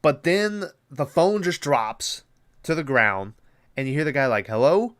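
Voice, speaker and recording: A man's voice: fairly high pitch, sing-song, a little slow, a bit bright. Profane rambling male podcast host. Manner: rambling, profane, many fillers. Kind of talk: casual movie recap.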